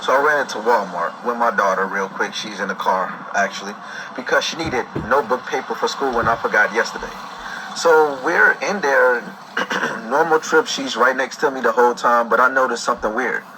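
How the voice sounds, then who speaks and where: A man's voice: medium pitch, normal speed, noisy background. A man, a father, recounting a tense story in an agitated, dramatic storytelling manner. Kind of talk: storytime video.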